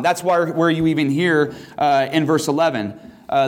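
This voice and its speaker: A man's voice: fairly even intonation, moderate pace. Emphatic man teaching a Bible lesson. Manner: emphatic, reads scripture aloud with rising pitch.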